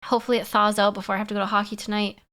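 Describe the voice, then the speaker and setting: A woman's voice: medium pitch, little pitch movement, rapid-fire, a bit bright. A woman chatting casually on a livestream, laughing often and answering her chat. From Canada.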